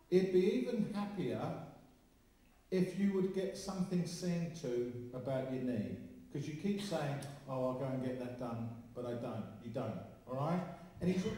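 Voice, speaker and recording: A man's voice: fairly high pitch, warm tone. A man working as a spiritualist medium, chatty and joking with the audience during a live demonstration in a large hall. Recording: echoey hall from far off.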